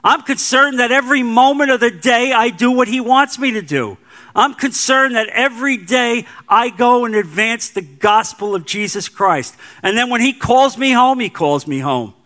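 A middle-aged man preaching a sermon as pastor, with emphatic repeated phrases and slow stressed lines. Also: extremely high pitch, animated, bright, forceful tone.

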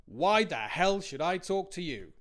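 Brief: rough, bellowing drunk man, read by a male narrator, slightly higher voice. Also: brisk, fairly bright tone, lightly acted. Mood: belligerent. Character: big drunk male labourer, belligerent.

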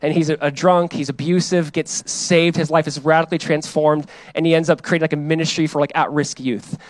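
A man in his thirties preaching and praying as a pastor, casual and energetic, often repeating and restarting phrases. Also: fairly high pitch, fairly quick, no echo. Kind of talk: sermon with prayer. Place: church hall.

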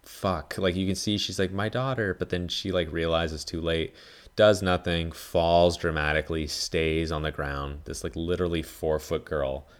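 A man with a deep, low voice talks through a film in a loose, rambling monologue. He leans on "like" constantly and swears freely as he goes. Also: flat delivery, moderate pace, smooth. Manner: rambling, heavy use of "like", frequent swearing. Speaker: podcast host. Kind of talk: casual film review monologue.

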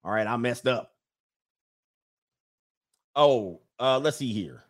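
With a medium-pitched voice and a slow pace, a man in his forties or beyond hosts a live show with casual comic commentary. He tells crude, slangy tales, at times switching into acted voices.

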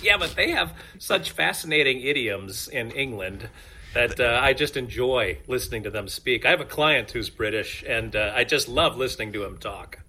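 A man in his fifties with a bright, somewhat tense voice and an animated, up-and-down delivery. He co-hosts a casual podcast, playing up mock grandeur for laughs. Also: mid-range voice, moderate pace, breathy edge. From Midwestern US. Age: 50s. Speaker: podcast co-host.

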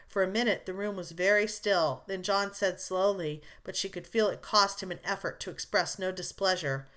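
A woman reading a classic novel aloud as an audiobook narrator, measured and expressive. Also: mid-range voice.

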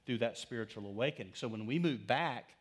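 Storytelling pastor swinging loud and hushed. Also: male voice, mid-range voice, a little fast, husky. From Texas. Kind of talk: sermon.

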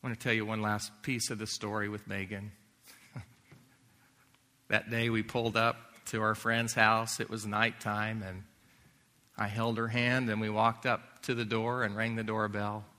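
A man preaching a sermon in earnest, sometimes dropping to a hushed near-whisper. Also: lowish voice, flat delivery, normal speed. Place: large hall or chapel. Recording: long hall reverb.

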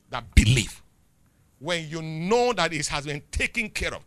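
A middle-aged Nigerian man preaching a sermon, swinging between loud declarations and quiet asides. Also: fairly high pitch, big pitch swings, a little slow, dry recording.

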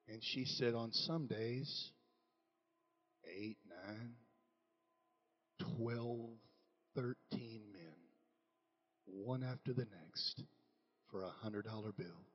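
A man, a pastor, preaching a sermon, telling a story quietly and then building to shouted exhortation. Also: medium pitch, breathy edge, lo-fi sound.

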